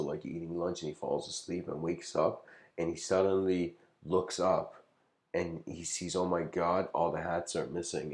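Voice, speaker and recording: A man's voice: a bass voice, gravelly, darkish tone. A man giving a casual lecture, telling a story in a rambling way with lots of filler words and frequent chuckles.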